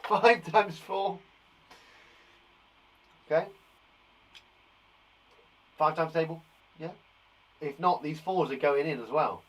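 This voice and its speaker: A man's voice: a little high, takes it slowly, long pauses. A middle-aged man teaching times tables to young children in a playful, jokey, encouraging way. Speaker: primary school teacher. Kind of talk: live online lesson for young children. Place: garden shed. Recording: voice a bit far from the mic.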